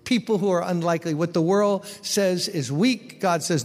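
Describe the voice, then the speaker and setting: A male pastor preaching in a church sanctuary, his gravelly, fairly high voice ringing with long hall reverb. He urges and coaxes the congregation, tossing out rhetorical questions between plain, conversational encouragement. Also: moderate pace, hardly any pauses. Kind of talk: sermon.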